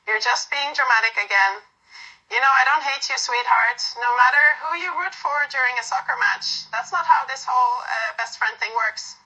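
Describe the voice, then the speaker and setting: A bright-voiced, doting woman who teases her best friend one moment and coos sweetheart the next, read aloud by a woman. Her pitch sits a touch high and her tone is sharp and clear. Protective, playful and a little pushy, straight from a fan role-play script. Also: normal speed, lo-fi sound. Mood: teasing. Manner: affectionate teasing, calls everyone sweetheart.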